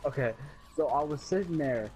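A man's voice: fairly high pitch, lively intonation, moderate pace, darkish tone, a little hiss or hum, rough recording. A man gaming with friends, retelling funny moments and poking fun at them. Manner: storytelling, mocking. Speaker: gamer. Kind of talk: casual gaming chat.

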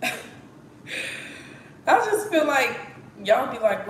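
A woman's voice: medium pitch, animated, measured pace, pauses often. A woman from East Texas with an East Texas accent, chatting candidly and profanely on a livestream. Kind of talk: casual livestream chat. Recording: echoey room with background noise.

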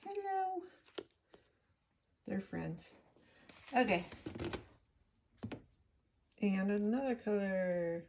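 Slow, rambling woman with faint hiss. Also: medium pitch, gravelly, rough recording. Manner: chatty, rambling, with gentle baby talk to her pet. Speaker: vlogger. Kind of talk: casual chat to camera.

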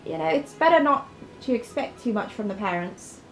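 A woman's voice: very animated, normal speed, faint music behind, lightly acted, low-quality recording. A woman voicing a caring, blunt young man with rabbit ears in a game, brash and teasing. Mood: earnest. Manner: brash and teasing, raised pitch.

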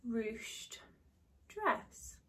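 A young woman describing dresses in a relaxed, hesitant way with many ums. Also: drawn-out words. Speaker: fashion vlogger. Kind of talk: casual haul chat.

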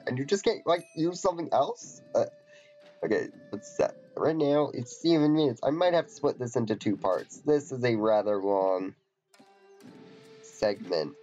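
A man's voice: medium pitch, animated, moderate pace, dark tone. A man giving offhand, jokey commentary while playing a game and reading its dialogue aloud. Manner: jokey, offhand, mutters asides. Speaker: gameplay commentator. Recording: dull lo-fi with faint game music.

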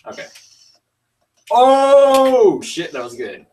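A man livestreaming a fighting game, swearing and yelling outbursts between muttered comments. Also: very high-pitched, sing-song, takes it slowly, far from the mic, noisy background.

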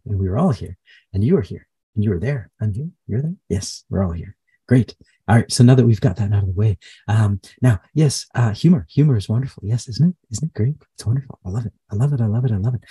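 A man's voice: mid-range voice, mellow, slightly rough, dry recording. A man channeling a playful, cheerful male spirit being in a live session, repeating himself and reassuring listeners. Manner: bubbly, repetitive, reassuring.

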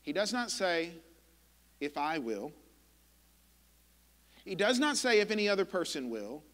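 High-voiced impassioned preacher in a reverberant church. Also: male voice, big pitch swings, fairly bright tone. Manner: impassioned, emphatic preaching with dramatic pauses. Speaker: pastor. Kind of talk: sermon. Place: church sanctuary.

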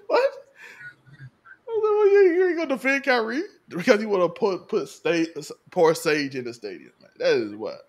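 Animated high-voiced man, laughing a lot. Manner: animated, laughing often, acting out quotes. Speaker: podcast host. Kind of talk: casual chat.

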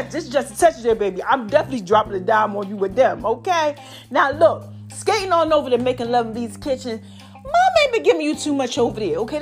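A woman hosting her own podcast, talking in an animated, drawn-out style full of "baby" and "y'all", her voice a little strained from allergies. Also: on the high side. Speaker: podcast host. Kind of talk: solo podcast talk.

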